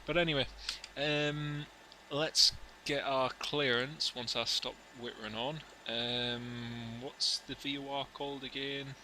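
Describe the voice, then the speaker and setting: A man chats casually and jokily with his live-stream viewers, wandering off on tangents between radio calls. His voice sits in a middle pitch over a clear, steady background hum. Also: takes it slowly, rough recording. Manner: chatty, jokey, rambling asides to viewers. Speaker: flight sim streamer.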